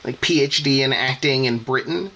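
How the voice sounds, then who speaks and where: A man's voice: medium pitch, normal speed, fairly bright tone, highs cut off. A man co-hosting a podcast, talking in a casual, rambling way, often breaking off mid-sentence and laughing. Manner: rambling, self-interrupting, laughing. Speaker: podcast co-host. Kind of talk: casual chat.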